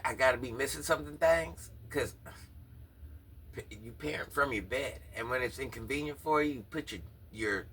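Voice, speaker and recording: A man's voice: medium pitch, bright, forceful tone, breathy edge, far from the mic. A man giving incredulous, mocking drama commentary on a livestreamer, talking straight to his viewers.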